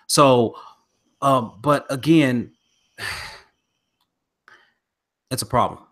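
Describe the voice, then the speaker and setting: A man's voice: medium pitch, very slow, a bit bright. Earnest rambling male podcast host. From American South. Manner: earnest, rambling, many restarts. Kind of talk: casual podcast chat.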